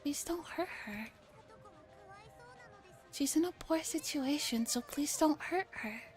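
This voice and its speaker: A small, gentle girl pleading in a soft, high, thin voice, voiced by a woman during a novel reading. Her words come gently and earnestly, with faint music behind. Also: slow pace.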